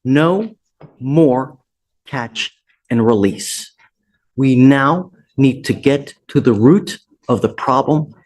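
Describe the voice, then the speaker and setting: Judge, stern, courtroom bench, rattles off charge lists, mid-pitched voice. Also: lively intonation, slow pace, a little mellow.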